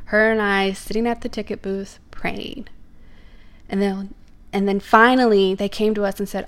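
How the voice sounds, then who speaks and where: A woman's voice: medium pitch, fairly even intonation, normal speed. A young woman, telling personal faith stories in an earnest, emphatic way.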